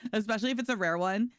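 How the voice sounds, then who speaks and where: A woman's voice: a little high, no echo, clean studio sound. A young woman streamer chatting casually and bubbly with her viewers while she plays a game. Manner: bubbly, talks to chat and her dog, lots of "like". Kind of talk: casual live-stream chat.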